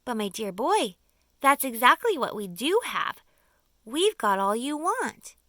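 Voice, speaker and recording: A woman voicing a wise old male grasshopper in an audiobook, with sharp, lively questions. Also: a little high, a little slow, no room sound, pitched above the performer's own voice. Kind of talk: audiobook character voice.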